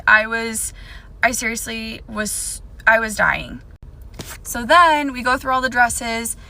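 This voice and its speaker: A woman's voice: fairly high pitch, bright, forceful tone, low-quality recording. A young woman telling a personal storytime to camera, emphatic and indignant.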